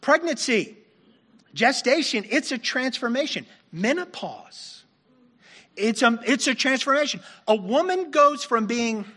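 A man's voice: very high voice, animated, unhurried, bright, forceful tone. A man preaching a sermon as pastor, conversational and self-deprecating, and a little worn as he is losing his voice.

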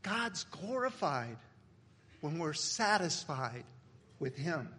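A man in his fifties, a pastor preaching a sermon with humorous stories, swinging between loud punchlines and hushed reflection. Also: fairly high pitch, sing-song, takes it slowly.

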